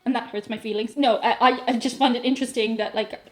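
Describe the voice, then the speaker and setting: A woman's voice: on the high side, fairly even intonation, fast talker, soft background music. A woman with an Irish accent chatting playfully to camera as a vlogger, reading aloud and joking about herself. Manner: playful, self-mocking, reads aloud and riffs. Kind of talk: casual comedic chat to camera.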